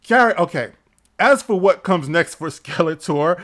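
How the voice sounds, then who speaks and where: A man giving ranting, profane commentary, sarcastic and quick to laugh. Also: a little high, lively intonation, fairly bright tone. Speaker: entertainment news vlogger.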